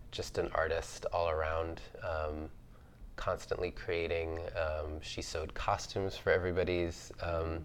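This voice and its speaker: This low-pitched man, heard over slight background noise, is a panelist at an artist event. He tells reflective, chatty stories about what influenced him early on, filling gaps with fillers and laughing easily.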